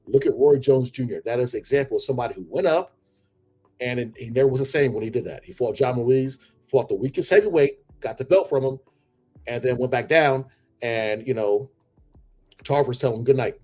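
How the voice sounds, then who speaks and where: A man hosting casual sports talk, opinionated and animated, breaking into heated outbursts. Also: medium pitch, breathy edge. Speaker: combat sports commentator.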